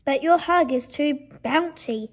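A woman voicing a sleepy little boy bush baby possum who pleads gently in a childlike way. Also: sits high, unhurried. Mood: pleading.

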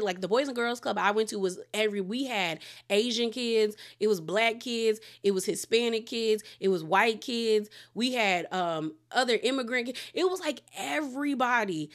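Chatty woman from the dc area doing a reality tv recap, opinionated, voice jumps up when she gets worked up. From Washington DC area. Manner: chatty and opinionated, pitch jumping up when excited. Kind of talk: casual recap commentary.

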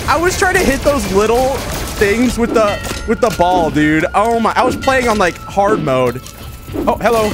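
A man with a high, very lively voice narrates his VR play, excitable and self-mocking, quick to exclaim at his own misses. Loud game music plays under his commentary. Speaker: gaming YouTuber. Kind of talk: casual let's-play commentary.

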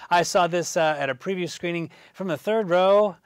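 A man's voice: high voice, normal speed, clean tone, no echo. A man co-hosting a film review show, chatting casually and rambling with many fillers and restarts.

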